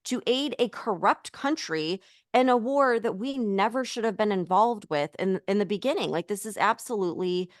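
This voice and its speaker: A woman's voice: medium pitch, animated, moderate pace, dry recording, clean studio sound. A woman co-hosting a political podcast, ranting in a heated, emphatic way in casual chat. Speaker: podcast co-host.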